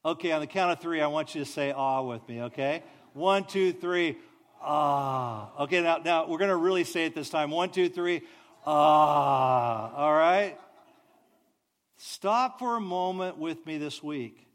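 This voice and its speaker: A man preaching a sermon, telling stories with animated delivery and soft, drawn-out sighs. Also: fairly high pitch. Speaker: pastor.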